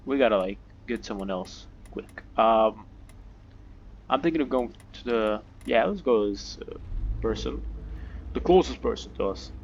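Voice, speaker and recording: A man playing a story game on video, reading its text aloud and reacting in an excitable, chatty way, with lots of fillers and restarts. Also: fairly low pitch, normal speed, creaky, dull audio, slight background noise. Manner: excitable, chatty, many fillers and self-corrections. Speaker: gaming video host.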